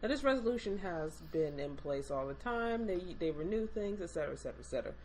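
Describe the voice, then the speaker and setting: A woman with a slightly low voice co-hosts a casual podcast. She talks bluntly with sardonic, profane asides, over a faint background hiss. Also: animated, quick pace, darkish tone, poor audio. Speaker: podcast co-host. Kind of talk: casual chat.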